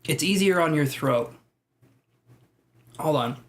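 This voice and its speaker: Man hosting a tarot livestream, fairly high voice, chatty, jokey, laughs a lot. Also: lively intonation, slow. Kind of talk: casual livestream chat, reading viewer comments.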